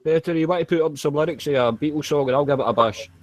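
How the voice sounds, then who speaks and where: A Yorkshire man in his forties bantering over voice chat, with a slightly higher voice than most men. He swears freely and keeps the talk jokey and casual. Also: quick pace, no echo. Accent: Yorkshire English. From Yorkshire, England.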